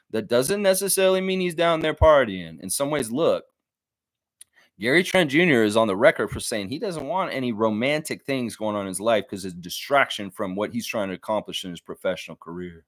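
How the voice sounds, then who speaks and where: A man's voice: mid-range voice, normal speed. A man hosting a casual fan live stream, chatting in a rambling way and reading comments aloud. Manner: animated, rambling, reads chat comments aloud.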